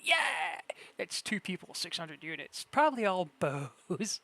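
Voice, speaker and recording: Excitable man narrating his strategy game. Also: high voice, unhurried. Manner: excitable, laughing, swearing at the game; tired, mumbling asides. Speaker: gamer. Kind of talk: let's-play commentary.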